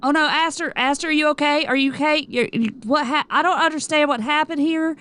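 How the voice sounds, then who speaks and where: A woman's voice: sits high, brisk, a bit bright, pitched above the performer's own voice. A woman voicing Coral, a doting, protective mother who fusses over her child. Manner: fussing, protective, boastful.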